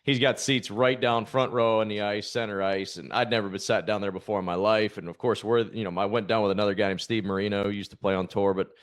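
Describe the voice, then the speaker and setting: A man's voice: fairly low pitch, fairly even intonation, quick pace, hardly any pauses. A man in his forties hosting a podcast, chatting casually and joking with a guest, laughing easily. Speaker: podcast host, former pro golfer. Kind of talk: casual chat.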